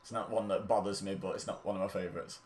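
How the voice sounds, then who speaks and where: A man's voice: deep voice, fairly even intonation, fast, darkish tone. A man streaming a game, chatting casually with friends and laughing often in a teasing way. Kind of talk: casual chat while gaming.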